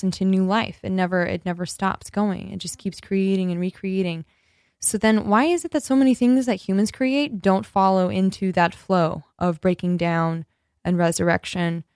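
Alone at the radio mic, a woman talks in a fairly low, darkish voice with no echo around it. Her solo show wanders from joke to joke, and she keeps cutting herself off and losing track of where she was going.

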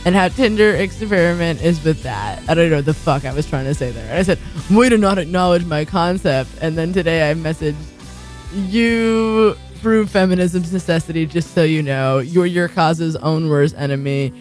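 A woman's voice: low-pitched, normal speed, faint music behind. A young woman hosting a community radio talk show, rambling and swearing as she tells stories. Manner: profane, rambling, animated. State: tired.

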